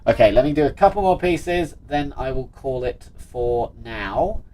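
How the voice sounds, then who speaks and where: A man's voice: mid-range voice, lively intonation, measured pace, mellow, slight background noise. Chatty playful man streaming. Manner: chatty and playful, reads chat aloud and reacts with jokes. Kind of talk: casual livestream chat.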